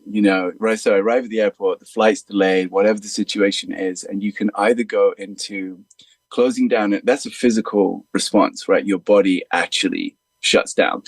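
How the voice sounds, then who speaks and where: A man's voice: fairly low pitch, no echo. A man, a musician guest, telling stories in an earnest, rambling way with many fillers. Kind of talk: reflective storytelling in conversation.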